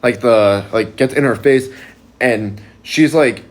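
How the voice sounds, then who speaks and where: A man's voice: medium pitch, slow. Young man rambling through a story. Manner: rambling, heavy use of "like" fillers. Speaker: storyteller on social video. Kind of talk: casual anecdote.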